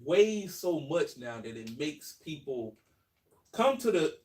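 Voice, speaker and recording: A man talking through his views on a podcast, thoughtful and measured. His pitch moves a lot and sits a little high. He is set back from the mic. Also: very animated, darkish tone, far from the mic. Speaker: podcast co-host. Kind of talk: casual group chat.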